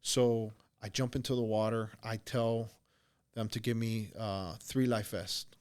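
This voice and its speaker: A middle-aged man, a podcast host, telling a story in a casual, animated way, often restarting words. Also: on the low side, measured pace, clean tone. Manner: animated, repeats and restarts words, acts out voices when quoting.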